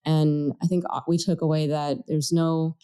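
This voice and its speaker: A woman's voice: low voice, little pitch movement, normal speed, dark tone, clean tone. A woman co-hosting a political podcast, talking in an earnest, reflective way and thinking aloud as she goes. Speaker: podcast co-host. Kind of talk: casual political chat.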